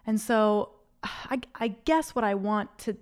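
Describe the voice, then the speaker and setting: A woman's voice: medium pitch, slow pace. A woman hosting her own podcast, talking solo into a microphone in an earnest, faith-filled, rambling stream of consciousness. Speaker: podcast host. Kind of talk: unscripted solo podcast reflection. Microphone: studio microphone.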